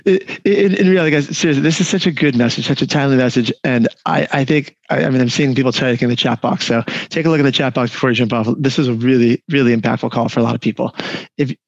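A man's voice: mid-range voice, fast, vocal fry, no room sound. A man hosts a live online call, speaking with enthusiasm to his audience. His audio is dry and somewhat dull. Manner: enthusiastic, addresses audience as "guys". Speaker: host of group call.

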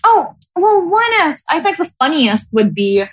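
A woman, a podcast guest telling a ghost story in a casual, animated way and laughing often. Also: measured pace. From Philippines. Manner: animated storyteller, acts out quotes in high squeals, laughs often.

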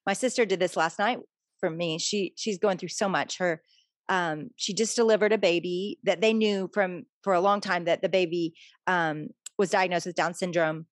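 A woman's voice: on the low side, normal speed, dry recording, studio quality. Earnest, open-hearted woman author. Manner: earnest, confessional, animated when telling stories. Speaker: author and guest. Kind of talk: conversational interview.

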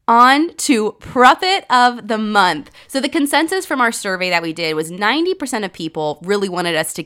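A woman's voice: medium pitch, clean tone. A woman co-hosting a podcast in casual chat, telling a story with lots of fillers and quoted lines. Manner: animated storytelling, quoting others, many fillers. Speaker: podcast co-host.

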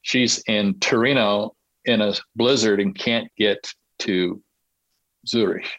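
A middle-aged man, a guest on an interview podcast, telling a story in a casual, animated way and acting out the dialogue. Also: lowish voice, slow pace, dry recording, lo-fi sound. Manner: animated anecdote-telling, acts out quoted dialogue. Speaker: interview guest, Olympic marketing consultant.

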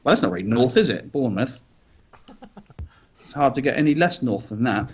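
A man's voice: mid-range voice, animated, fairly quick, husky. A man co-hosting a podcast, reading news items aloud with chatty asides and light jokes. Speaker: podcast co-host.

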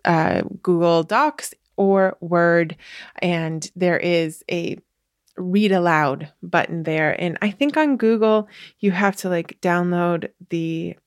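A woman's voice: fairly low pitch, slow pace, no room sound, studio quality. A woman hosting a podcast, giving writing advice in a chatty, casual way with many fillers, restarts and light laughs. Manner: laughs lightly while explaining. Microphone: podcast mic.

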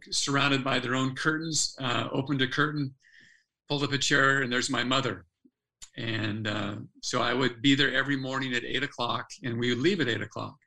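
A man's voice: medium pitch, bright, forceful tone, poor audio. An older man, a former athlete turned speaker, earnestly telling a personal story as a podcast guest, restarting his phrases as he goes.

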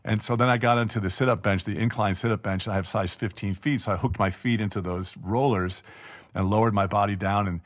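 A man's voice: fairly low pitch, fairly even intonation, fairly quick. A middle-aged man telling a long personal story in a casual interview, chatty and self-deprecating, with frequent restarts and laughs.

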